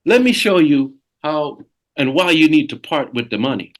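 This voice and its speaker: A man's voice: a little high, expressive, normal speed. A middle-aged man leading a sales coaching webinar over a video call, talking emphatically and repeating key phrases.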